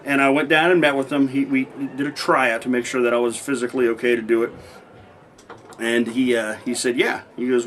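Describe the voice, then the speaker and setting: A man's voice: medium pitch, little pitch movement, a little fast, a bit bright, a little hiss or hum. A man telling stories in a casual interview, rambling with many restarts and acting out old conversations. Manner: rambling, many restarts, acts out quoted dialogue. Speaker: interview guest, former pro wrestler.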